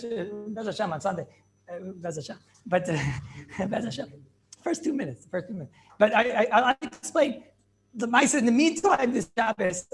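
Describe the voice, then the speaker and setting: Animated rabbi, high gravelly voice. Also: male voice, slight background noise. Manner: animated questioning, answers his own questions, repeats phrases. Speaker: rabbi teaching a class. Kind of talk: Talmudic class lecture with back-and-forth questions.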